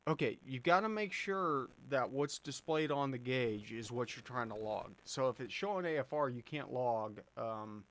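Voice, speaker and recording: A man's voice: medium pitch, animated, normal speed, hardly any pauses, a bit bright. A man hosting a live stream, chatting casually and answering viewer questions with plenty of fillers and restarts. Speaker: livestream host answering chat.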